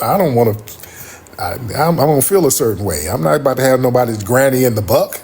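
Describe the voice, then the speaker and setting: A middle-aged man hosting a livestream, telling a comic story in a rambling, profane, animated way. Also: medium pitch, slight background noise. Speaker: livestream host.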